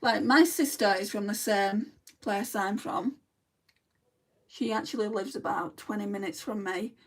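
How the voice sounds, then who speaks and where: A woman's voice: mid-range voice, a little slow. A woman from Lancashire with a Lancashire accent, chatting bluntly while doing her makeup and answering viewer comments. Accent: Lancashire English. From Lancashire, England. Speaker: beauty vlogger. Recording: voice a little distant from the mic.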